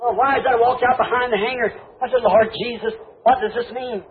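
A man preaching a sermon in a fervent, folksy way, with rustic grammar and sudden high shouts. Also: steady tone, a little fast. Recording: tinny lo-fi old tape with faint hiss.

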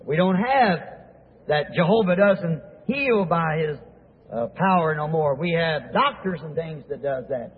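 A preacher dropping into a smug old-time priest, flat and scornful, a touch lower than his own high, husky voice. The sound is thin and phone-like, and it rings in a big hall. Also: measured pace. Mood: dismissive. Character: dismissive male temple priest, smug. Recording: tinny echoey old hall recording.

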